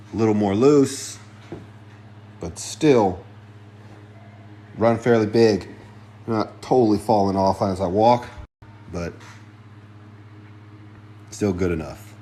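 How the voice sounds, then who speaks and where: A man's voice: lowish voice, mellow. A man doing a casual sneaker unboxing vlog, loose and profane, with muttered asides. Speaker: sneaker vlogger.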